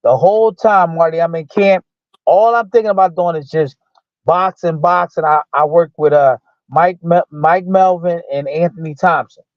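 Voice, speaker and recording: A man's voice: on the high side, normal speed, dry recording. A man, a former boxer as a guest, casually telling a story and acting out the lines of the people in it, with loose speech full of restarts. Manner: animated retelling that acts out quoted dialogue. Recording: dull lo-fi dry sound.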